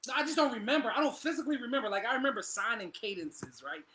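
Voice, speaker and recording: A man's voice: very high voice, lively intonation, fast, sharp tone, a little hiss or hum. A man co-hosting a casual live chat, talking in an emphatic, slangy, argumentative way. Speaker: co-host of a live show.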